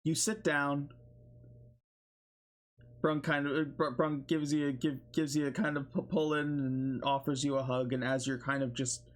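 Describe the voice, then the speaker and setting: A man's voice: on the high side, level tone, moderate pace. A man narrating as game master in a tabletop game, rambling loosely with many fillers.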